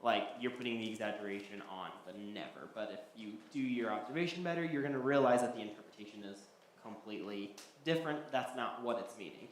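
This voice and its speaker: A man's voice: on the low side, fast talker. Easygoing man teaching in an echoey hall. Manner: loose and conversational, with many ums and restarts. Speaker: Bible study teacher. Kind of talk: casual classroom teaching. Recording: echoey hall, faint background noise.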